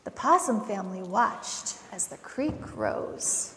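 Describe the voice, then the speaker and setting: A woman pastor leading children's time in a church, speaking gently to the children and reading them a storybook. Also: mid-range voice, big pitch swings, slow, hardly any pauses, slight background noise. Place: church sanctuary. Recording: long church reverb.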